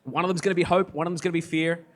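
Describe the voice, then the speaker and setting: A man's voice: on the high side, fairly even intonation, racing. A man serving as game master at a live tabletop game on a convention stage, explaining dice rules.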